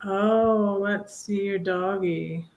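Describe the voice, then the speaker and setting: A woman hosts a casual livestream chat and muses aloud as she searches. She talks at a slow, drawn-out pace. Her voice has a gravelly, creaky edge. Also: medium pitch, steady tone, a little mellow, dull audio, slight background noise. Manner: unhurried, musing aloud while searching files. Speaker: host.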